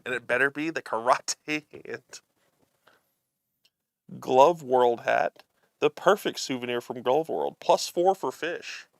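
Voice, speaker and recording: A man's voice: mid-range voice, lively intonation, takes it slowly, gravelly, long pauses, dry recording, studio quality. A man hosting a live show, chatting casually as he unboxes a card game and reads the cards aloud, amused and chuckling often.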